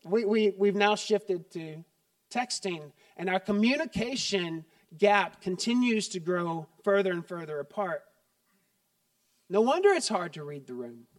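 A middle-aged male pastor with a high voice delivers a sermon in a chatty, joking way that turns quiet and earnest. The sound is dry, picked up from a mic set some distance away. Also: expressive, a little slow, no echo.

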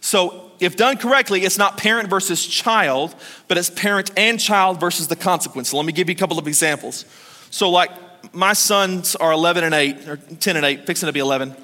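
A man's voice: sits high, a little fast, sharp tone, big-room sound. A man in his thirties preaching a sermon as pastor, conversational and joking, acting out short quotes.

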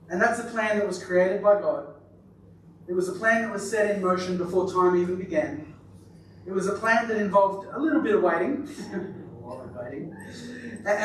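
A man's voice: on the high side, distant mic, a little hiss or hum. Jokey male preacher, echoey church. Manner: jokey, chatty, asks the congregation to respond. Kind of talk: sermon.

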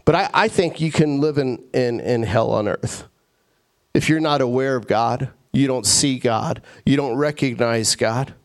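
A man's voice: medium pitch, measured pace. A male pastor preaching a sermon in an earnest way, repeating phrases and stammering into restarts.

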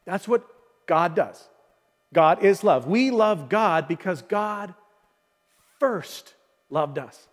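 A man's voice: sits high, expressive, slow, long pauses, big-room sound. A man preaching a sermon as pastor, earnest and growing emphatic as he presses his point. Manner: earnest, building to emphatic calls. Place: church hall.

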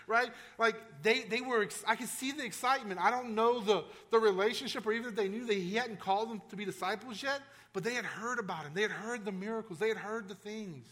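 A man's voice: high-pitched, fairly quick, fairly bright tone. A male pastor preaching a sermon in a conversational, emphatic way, with frequent restarts and asides to the congregation.

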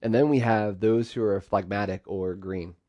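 Low-voiced man preaching with lively bursts. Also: moderate pace, no echo, muffled recording. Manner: lively, acts out quoted phrases in bursts. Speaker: pastor. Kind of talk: sermon.

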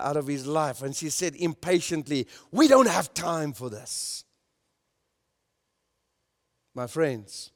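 High-voiced man preaching in a reverberant hall. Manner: emphatic preaching, swelling loud then dropping soft. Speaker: pastor. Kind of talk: sermon.

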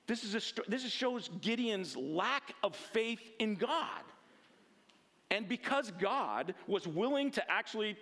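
A man giving a casual, animated Bible lesson, often checking in with tag questions and restarting his sentences. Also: high voice. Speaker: Bible teacher. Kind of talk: conversational Bible teaching.

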